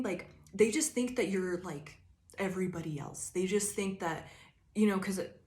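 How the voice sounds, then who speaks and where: A woman with a slightly low voice reads tarot for her viewers in a loose, casual way. She drawls through plenty of fillers and swears freely as she talks. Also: a little mellow. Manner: laid-back, profane, drawling with fillers. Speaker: tarot reader. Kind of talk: casual channeled tarot reading.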